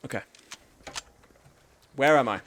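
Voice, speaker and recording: A man's voice: medium pitch, takes it slowly, fairly bright tone. A man live-streaming a game, chatting casually with his chat in a sweary, self-deprecating way.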